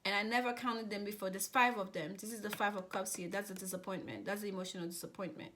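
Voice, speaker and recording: A woman's voice: mid-range voice, fairly even intonation, fast, fairly bright tone, a little hiss or hum. A woman giving a casual tarot reading, chatty and rambling, with many fillers and restarts. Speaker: tarot reader.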